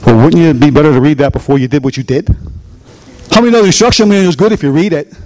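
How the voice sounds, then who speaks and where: A man preaching a chatty, conversational sermon as pastor in a church, swinging into high voices for quotes and asides. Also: very fast. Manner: animated, chatty, jumps to high voice for quotes and jokes. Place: church sanctuary.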